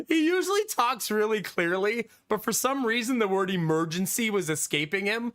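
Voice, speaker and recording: Bright-voiced man chatting to his stream. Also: high voice, expressive, moderate pace, few pauses. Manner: chatty, laughs often, swears casually. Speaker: live streamer. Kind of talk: casual chat with stream viewers.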